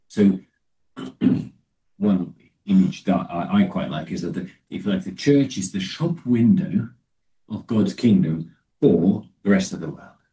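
Man, Bible teaching talk, halting with restarts, slow deliberate scripture reading, heard a bit off-mic. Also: sits low, mellow, distant mic, rough recording. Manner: halting, with many restarts and fillers; reads scripture slowly and deliberately. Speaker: preacher.

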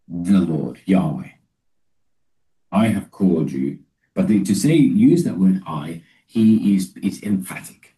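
A man giving a Bible teaching talk, halting and restarting often, and reading scripture slowly and deliberately. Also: low-pitched, animated, warm tone, distant mic, rough recording. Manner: halting, with many restarts and fillers. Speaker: preacher.

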